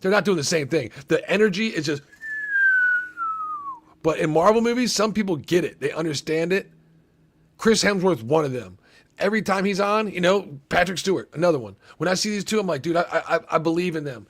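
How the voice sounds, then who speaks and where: A man hosting a casual trailer reaction, talking in a rambling, profane, excitable way with lots of restarts. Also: a little high, brisk. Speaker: movie reaction host.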